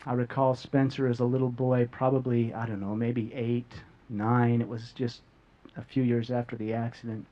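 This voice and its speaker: In dull lo-fi audio, a middle-aged man speaks as a guest, sharing a personal story with earnest repetition of words. His voice is medium-pitched, level, and dark, at a normal speed.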